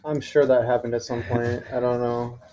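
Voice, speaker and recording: A man's voice: mid-range voice, little pitch movement, moderate pace, warm tone, a little hiss or hum. A young man co-hosting a podcast, teasing his friends in casual chat. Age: young adult. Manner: teasing, laughs often. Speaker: podcast co-host.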